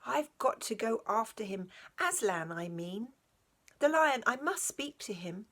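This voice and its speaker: A woman's voice: fairly high pitch, lively intonation, a little slow, a bit bright. A woman voicing an earnest young boy who speaks urgently and pleadingly.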